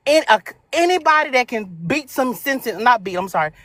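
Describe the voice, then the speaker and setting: A woman's voice: on the high side, big pitch swings, a bit bright, dry recording. Taunting woman trading insults, dry sound. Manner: taunting, insulting, drawn-out jabs. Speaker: panel speaker. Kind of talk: heated live audio panel debate.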